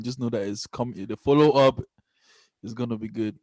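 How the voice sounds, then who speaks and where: A man's voice: mid-range voice, steady tone, quick pace, darkish tone, no room sound. Easygoing cameroonian guy on a podcast, medium voice, dry close mic. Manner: laid-back, laughs easily. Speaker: podcast co-host. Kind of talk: casual podcast chat.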